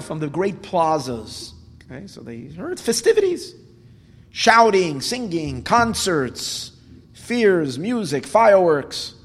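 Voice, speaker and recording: A man telling a Talmud story as a Torah class, quoting Hebrew lines and then explaining them in English. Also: fairly high pitch. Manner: retells with Hebrew quotes, animated rises when emphatic. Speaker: Torah teacher. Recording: long hall reverb.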